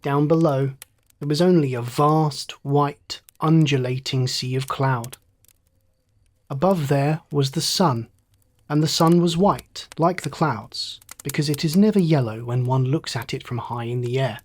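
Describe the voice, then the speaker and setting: A man reading a bedtime story aloud in a slow, measured, soothing manner. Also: medium pitch.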